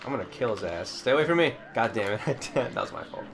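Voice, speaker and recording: A young man co-hosts a game session, his voice leaping up in pitch when he panics and dropping low for jokes. He curses and laughs freely, with clear game music playing underneath. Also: quick pace. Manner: profane, excitable, joking banter. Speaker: let's play co-host. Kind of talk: casual gaming commentary.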